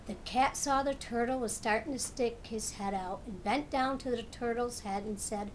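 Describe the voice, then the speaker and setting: A woman's voice: fairly high pitch, normal speed, few pauses, a little hiss or hum. A woman, a children's author, reading her own bedtime storybook aloud in a plain, homely storytelling manner.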